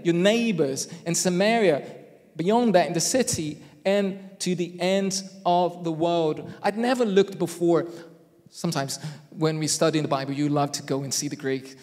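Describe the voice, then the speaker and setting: A man preaching a conversational sermon with deliberate, emphatic phrasing and self-deprecating asides, recorded in a church hall. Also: fairly high pitch, a little mellow. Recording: long reverb in a church hall.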